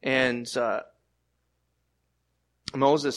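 A man preaching a sermon as pastor, with animated delivery, repeated restarts and swings between loud emphatic lines and quiet ones. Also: mid-range voice, unhurried.

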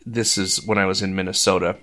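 A man's voice: low-pitched, little pitch movement, quick pace, bright, forceful tone. A man co-hosting a faith podcast, telling a personal story in earnest and acting out the voices of others. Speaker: podcast co-host. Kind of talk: casual faith discussion.

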